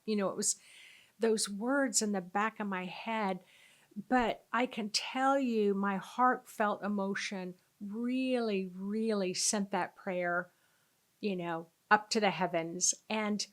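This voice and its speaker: Woman, middle-aged, spiritual teacher, earnest, conversational, personal storytelling, medium pitch. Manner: earnest, conversational, many fillers.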